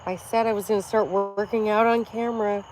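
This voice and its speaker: A woman's voice: medium pitch, steady tone, a little fast, darkish tone, a little hiss or hum. A woman in her forties, out of breath, vlogging casually while working out, brash, profane and boastful. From Florida.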